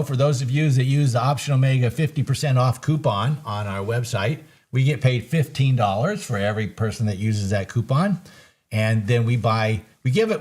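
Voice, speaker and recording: A man hosting a live market recap from his trading desk, chatting casually and joking over the charts. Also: medium pitch. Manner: excitable and joking, bursts of laughter.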